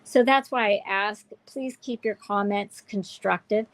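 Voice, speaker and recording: A woman's voice: medium pitch, measured pace, poor audio. A woman hosting a candid livestream chat, speaking in a heartfelt, emotional way with many restarts. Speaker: show host.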